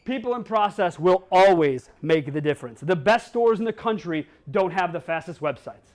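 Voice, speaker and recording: His voice is high with lively intonation, and he keeps a moderate pace. The speaker, a man from Wisconsin, is giving a keynote in a conference hall, joking with the audience, talking bluntly, and swearing now and then.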